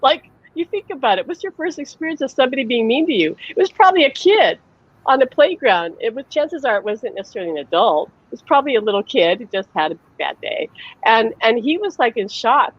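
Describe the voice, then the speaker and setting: A woman's voice: a little high, sing-song, fairly quick, breathy edge, no echo, highs cut off. A woman who works as a psychic medium, hosting a live-streamed conversation and telling stories animatedly over a video call, laughing often.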